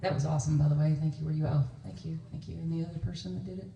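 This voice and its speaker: A woman's voice: sits low, steady tone, racing, vocal fry, warm tone, highs cut off, a little hiss or hum. A woman minister giving a conversational sermon, telling stories with laughs and quoted voices. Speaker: guest minister. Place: church sanctuary. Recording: echoey church from a distance.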